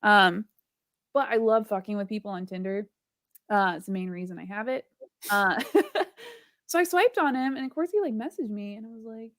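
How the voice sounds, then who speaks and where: A woman's voice: mid-range voice, animated, moderate pace, pauses often, no room sound, studio quality. A woman co-hosting a casual livestream chat, telling a story with frequent laughs and lots of "like" fillers. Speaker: livestream co-host.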